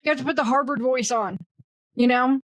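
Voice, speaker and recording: A woman's voice: sits high, fairly even intonation, brisk, fairly bright tone, no room sound, rough recording. A woman guest in an interview, talking bluntly and casually, with lots of restarts and fillers and frequent laughter. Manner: blunt, self-deprecating, laughs often. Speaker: guest, virtual assistant.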